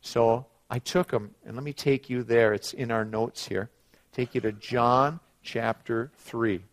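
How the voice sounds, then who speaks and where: A middle-aged man preaching a sermon, moving from quiet asides to loud, emphatic passages and telling stories. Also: medium pitch, a little slow. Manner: storytelling with acted quotes.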